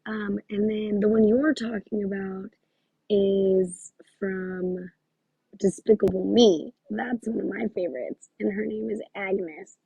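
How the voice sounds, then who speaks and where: A woman's voice: medium pitch, steady tone, takes it slowly, vocal fry, dark tone, breathy edge, no room sound, muffled recording. A woman working as a psychic medium, talking through a live reading in a gushing, exclamatory way and thinking aloud with many fillers.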